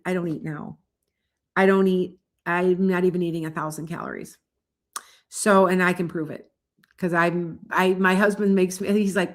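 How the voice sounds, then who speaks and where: A woman's voice: lowish voice, fairly even intonation, normal speed. Woman nearing sixty, livestream host, rambling chatter, starts and restarts. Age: 50s. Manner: chatty, rambling, self-interrupting. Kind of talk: casual livestream chat. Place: home livestream.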